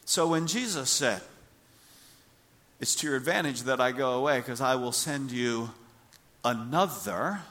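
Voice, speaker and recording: Animated preaching man, bright voice. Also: mid-range voice, takes it slowly, long pauses. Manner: animated preaching, acts out scenarios, repeats words for emphasis. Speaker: pastor. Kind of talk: sermon. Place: church.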